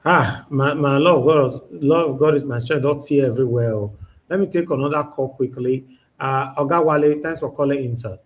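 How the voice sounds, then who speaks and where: Nigerian guy hosting, polite quick thank-yous to callers. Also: mid-range voice. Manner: brief, courteous acknowledgments. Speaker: host. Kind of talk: call-in show hosting.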